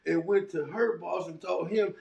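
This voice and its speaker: Middle-aged LA guest, gravelly, streetwise storyteller, roomy echo. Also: male voice, sits high, steady tone, moderate pace, darkish tone, muffled recording. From Los Angeles. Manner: rambling, streetwise, many restarts and "you know what I'm saying". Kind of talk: casual storytelling interview.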